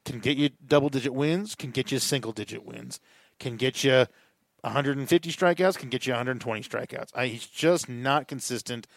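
A man's voice: mid-range voice, a little fast, creaky, dry recording, studio quality. A man co-hosting a podcast, giving opinionated views in casual chat and thinking aloud. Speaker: podcast co-host. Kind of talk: casual fantasy baseball chat.

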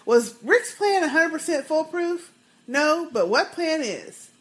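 Animated high-voiced woman podcast host. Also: a little slow. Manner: animated, laughing, reads emails aloud. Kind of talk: casual chat, reading listener emails.

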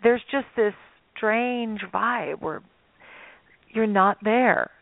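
A woman's voice: fairly high pitch, drawn-out words, creaky, dry recording. A woman guest expert telling stories in a radio interview, acting out little voices as she explains. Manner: animated storyteller, acts out voices. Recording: dry, phone-like line.

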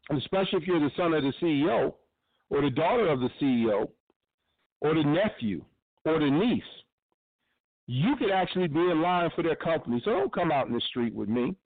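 A man's voice: a little high, no room sound. A man hosting a radio show, giving blunt, profane, impassioned commentary. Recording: tinny phone-line sound.

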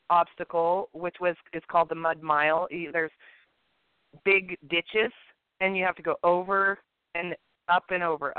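A woman co-hosting a podcast, telling a personal story in a casual, animated way and acting out the people in it. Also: on the low side, clear, resonant tone, no room sound. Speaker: podcast co-host. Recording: tinny phone-line sound.

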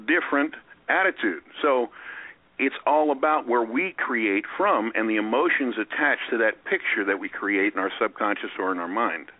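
A man's voice: medium pitch, moderate pace, no room sound. Man on a tinny phone line. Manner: animated storyteller, acts out quoted voices. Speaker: guest speaker. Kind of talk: radio interview.

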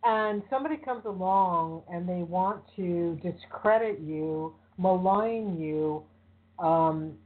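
A woman in a casual conversation, speaking supportively and pausing to search for words. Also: lowish voice. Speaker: interviewer, co-host. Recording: narrow phone-like sound.

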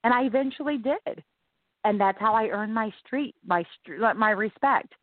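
A woman's voice: a little high, normal speed, no room sound. A woman guest from the American South telling her own life story in an interview, earnest and emphatic, often repeating herself. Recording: tinny phone-like line.

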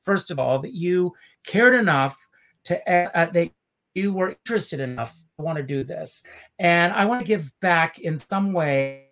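A man with a Southern US accent hosting a chat show over a video call, speaking haltingly with many fillers. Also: a little high, expressive, fairly bright tone. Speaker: show host. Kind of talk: casual chat.

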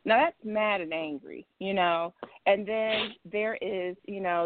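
A woman's voice: mid-range voice, unhurried, hardly any pauses, a little hiss or hum. A woman calling in to a casual discussion show, explaining at length in an emphatic, repetitive, rambling way. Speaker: caller. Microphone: phone. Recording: tinny phone line.

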